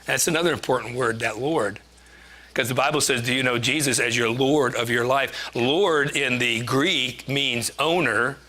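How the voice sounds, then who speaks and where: A man's voice: medium pitch, normal speed, pushed and bright. A man giving a conversational sermon, chatty and joking, laughing at himself as he preaches.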